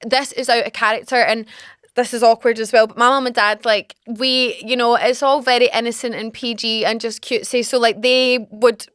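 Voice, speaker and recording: A woman's voice: a little high, moderate pace, smooth, no echo, studio quality. A woman in her twenties hosting a podcast, telling a story casually and with animation, laughing often and acting out what people said. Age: 20s. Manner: animated, laughing, acts out quotes. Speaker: podcast host.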